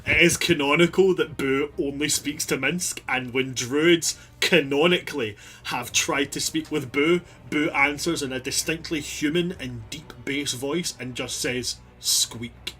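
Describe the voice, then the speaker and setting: A man narrating as game master of a tabletop game, lively and laughing as he tells the scene. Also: on the high side, measured pace, few pauses, husky. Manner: animated, laughing storyteller.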